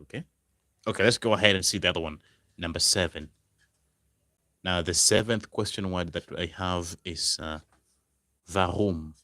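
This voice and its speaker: A man tutoring a language lesson, slowly repeating each phrase word by word. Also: low-pitched, a bit bright, no echo, clean studio sound. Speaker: German tutor.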